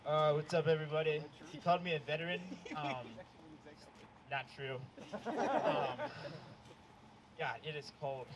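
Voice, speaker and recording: A young man doing a stand-up set outdoors, hesitant and deadpan, with many ums. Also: a little high, unhurried, pauses often. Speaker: stand-up comedian. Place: outdoor show in the cold. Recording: noisy outdoor recording.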